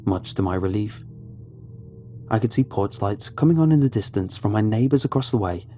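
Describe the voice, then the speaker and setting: Dark-voiced male horror narrator. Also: lowish voice. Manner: dramatic, measured storytelling.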